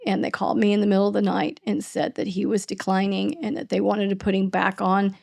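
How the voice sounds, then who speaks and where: A middle-aged woman, a podcast host being interviewed, recounting a painful family loss in a halting, emotional way. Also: mid-range voice, fairly even intonation, creaky, darkish tone. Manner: halting, restarts and voice breaking with emotion. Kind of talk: emotional personal storytelling in an interview.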